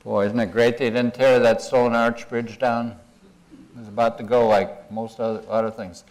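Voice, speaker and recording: Older male conference speaker with a mid-pitched voice, folksy and rambling, self-deprecating humor. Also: level tone, moderate pace, a little mellow, poor audio. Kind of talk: conference talk, guided imagery. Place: conference room.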